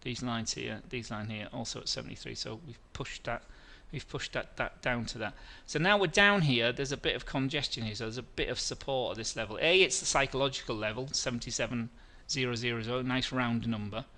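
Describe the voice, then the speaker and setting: This middle-aged webinar host has a bright, forceful, somewhat gravelly voice at mid pitch, speaking a little fast with few pauses. He wanders through trading charts live, restarting sentences and responding to viewer questions.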